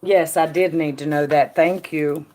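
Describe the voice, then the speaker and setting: A woman hosting a casual live tarot reading, chatting with viewers by name and dropping to a quiet murmur when she puts questions to the cards. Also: sits low, fairly even intonation, a little slow. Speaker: tarot reader and stream host.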